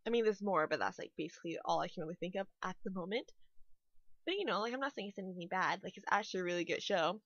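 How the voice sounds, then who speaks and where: A woman's voice: fairly low pitch, fast, no echo, dull audio. A young woman from Canada chatting casually as she rambles, with a lot of "like" and "you know". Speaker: YouTuber, restaurant worker. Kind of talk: casual chat over a speed build.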